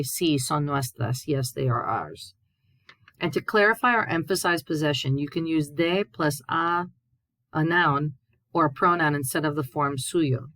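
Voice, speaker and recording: This Spanish teacher speaks in a low voice that leans dark as she guides students through grammar in a recorded class. She patiently translates each example after reading it aloud. There is no room echo, and the sound comes across close and dry.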